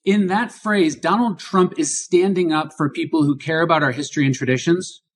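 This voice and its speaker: A man's voice: on the high side, moderate pace. A male podcast host speaks in a slightly raised register. He drives home political commentary with emphatic rhetorical questions.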